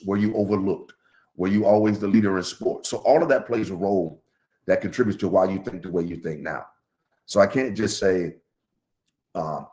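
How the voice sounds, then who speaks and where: A middle-aged man telling stories in a casual podcast chat, his pitch jumping high on the punchlines. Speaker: podcast guest.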